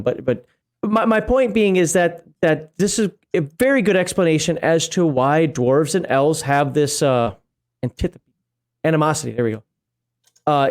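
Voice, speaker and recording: A man's voice: on the high side, lively intonation, moderate pace, darkish tone. A man co-hosting a tabletop game livestream, reading rulebook passages aloud and breaking into chatty, laughing asides. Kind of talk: casual chat while reading a rulebook aloud.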